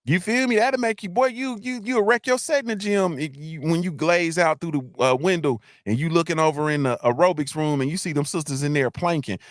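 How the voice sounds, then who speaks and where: A middle-aged man hosting a motivational live talk, animated and preachy, asking his listeners again and again if they feel him. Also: on the high side, a little fast, few pauses, dry recording, studio quality. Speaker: host.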